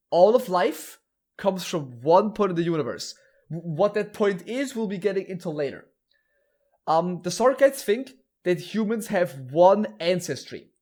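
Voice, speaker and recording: Guy on a podcast rambling through an explanation, kinda high voice, restarts a lot, swears casually. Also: darkish tone. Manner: explains at length, with many restarts and some laughing. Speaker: podcast host explaining lore.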